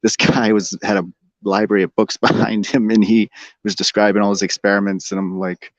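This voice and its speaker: A man's voice: little pitch movement, fairly quick. A man in casual conversation, rambling from thought to thought and laughing often. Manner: rambling, meandering, laughs often, breaks into silly high sing-song. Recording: dull, dry lo-fi sound.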